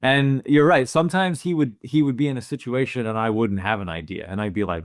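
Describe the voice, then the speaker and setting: A man co-hosting a movie podcast, chatting in a relaxed way and acting out his own reactions. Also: mid-range voice, fairly quick, no room sound, studio quality. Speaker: podcast co-host. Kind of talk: casual movie podcast chat.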